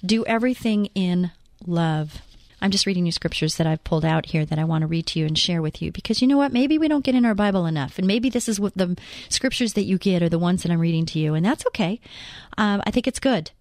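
A woman's voice: on the low side, animated, fast talker, darkish tone, no room sound, studio quality. A woman reading Bible passages and explaining them in an earnest, conversational way, often asking the listener questions. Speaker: Bible teacher. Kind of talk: devotional Bible reading and teaching.

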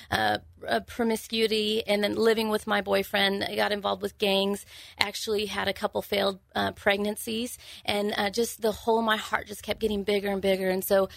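Gravelly, earnest woman from California. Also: mid-range voice, a bit bright, dry recording. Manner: earnest, halting, many restarts. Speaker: guest sharing her testimony. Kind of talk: personal testimony interview.

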